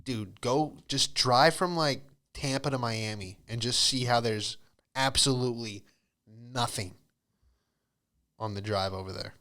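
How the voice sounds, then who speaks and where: A man's voice: medium pitch, unhurried, sharp tone. A man hosting a podcast, telling loose comedic stories with frequent swearing and self-interruptions. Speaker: podcast host. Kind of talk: rambling comedic storytelling.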